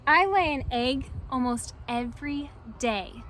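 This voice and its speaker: A woman's voice: sits high, a little slow, a bit bright, a little hiss or hum. Tsikini, a woman reading as a chatty hen. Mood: cheerful. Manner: cheerful, storybook read-aloud. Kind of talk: picture book read-aloud for children.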